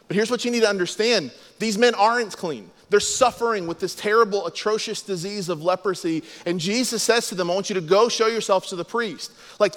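A man's voice: high voice, a bit bright, in a large hall. A man preaching a sermon as a pastor, explaining scripture and acting out the quoted lines.

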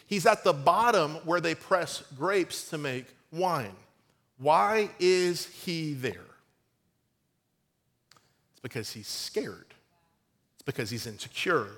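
A man preaching a sermon, retelling a scripture story in a casual, animated way with playful asides and acted-out quotes. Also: on the high side. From United States. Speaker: pastor.

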